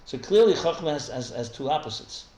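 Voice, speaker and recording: A rabbi leads a live text study class, his voice on the high side, expressive, fairly quick and somewhat dark. He thinks aloud and explains as he goes, often restarting sentences, in an echoey room with faint ambience.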